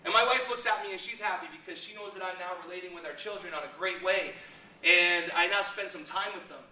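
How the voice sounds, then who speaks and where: A middle-aged man speaking at a seminar, lively and acting out little scenes as he makes his points. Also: high voice, brisk, slight background noise. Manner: animated, acts out little scenes in raised voices. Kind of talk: motivational seminar talk. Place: seminar room. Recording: echoey room, mic from a distance.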